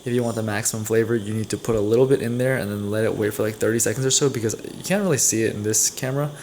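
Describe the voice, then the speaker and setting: This young vlogger's voice is on the low side, steady and a little mellow, and he talks rapid-fire. Recorded with some hiss on a camera mic, he chats about his food for the day while making coffee at home, frequently self-correcting.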